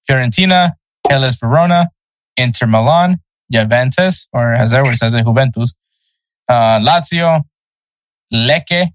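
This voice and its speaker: A man's voice: mid-range voice, no echo, rough recording. A man co-hosting a casual sports podcast, loose and chatty, laughing at his own pronunciation slips. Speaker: podcast co-host.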